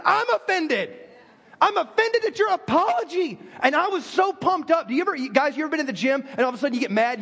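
A man's voice: very high-pitched, big-room sound. A man preaching a sermon as a pastor, telling stories with self-deprecating humor.

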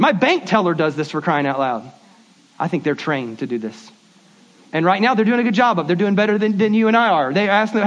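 A man preaching a casual, conversational sermon as pastor, repeating words and acting out quick bits of dialogue. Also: high voice. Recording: dull lo-fi sermon audio.

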